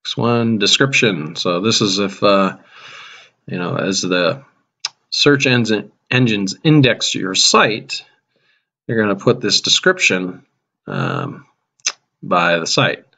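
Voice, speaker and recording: A man who teaches high school math, casually narrating a screen-recorded web coding tutorial as he types, with a touch of dry sarcasm. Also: slow pace, gravelly, pauses often. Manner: relaxed, self-narrating while typing, dry sarcasm.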